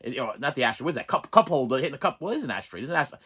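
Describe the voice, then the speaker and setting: A man hosting a review channel in a casual, chatty vlog, talking in animated, rambling asides with frequent restarts. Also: mid-range voice, rapid-fire, slightly rough.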